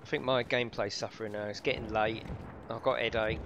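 A man's voice: lowish voice, steady tone, fast, highs cut off, background noise. A man co-streaming a game, bantering, laughing often and swearing. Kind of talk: casual gaming stream chat.

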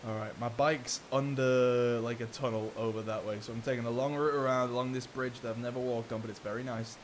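Commentating his playthrough, the young gaming YouTuber is excitable and full of jokes, chatting to the on-screen characters. His mid-range voice moves at a brisk pace over a slight hiss or hum.

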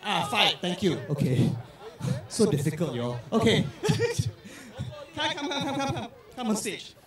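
High, shouting male stage host. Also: recorded from a distance. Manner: energetic, shouting over a crowd, repeating words rapidly. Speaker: event host. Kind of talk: lively stage hosting of a crowd game. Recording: echoey hall, heard from afar.

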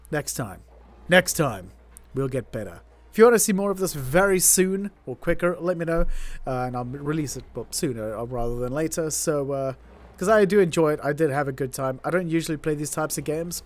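High-voiced man panicking over a game. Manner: panicky, yelling at the characters, laughing often; calmer, chatty sign-off to viewers. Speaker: gaming YouTuber. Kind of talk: let's play commentary.

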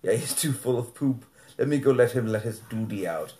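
A man hosting a casual live stream from his home studio, blunt and ranting, swearing freely and slipping into a high sing-song when he talks to his dog. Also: a little fast, a little mellow, roomy sound.

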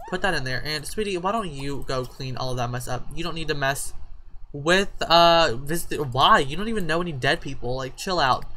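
Bright-voiced woman chatting over gameplay. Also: deep voice, slight background noise. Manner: chatty, talks to game characters like a scolding parent. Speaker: gaming YouTuber. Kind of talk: casual life-sim let's play commentary.

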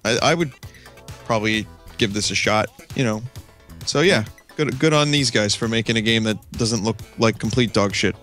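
A man's voice: fairly low pitch, moderate pace, a bit bright, faint music behind. A man co-hosting a casual podcast, laid-back and hesitant while guessing, swearing casually.

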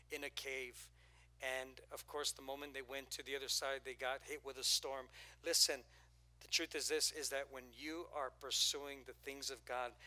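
A man preaching a sermon as pastor in a church, moving from hushed asides to loud, playful rising calls to the congregation. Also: medium pitch. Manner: animated, swings from hushed to shouting, playful.

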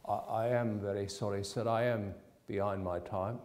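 A man playing a timid office clerk who stammers out nervous, hurried apologies. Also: fairly low pitch, steady tone, a little mellow, close to an everyday voice. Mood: anxious.

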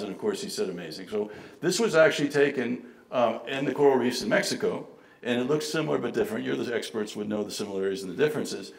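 A man's voice: mid-range voice, vocal fry, roomy sound, poor audio. A man hosting a press conference, telling stories with enthusiasm and acting out the quotes.

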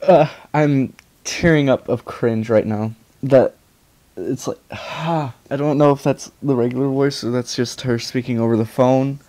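A man's voice: mid-range voice, fairly even intonation, unhurried, dark tone, dry recording. A man giving casual, rambling reaction commentary as a YouTuber, swearing often.

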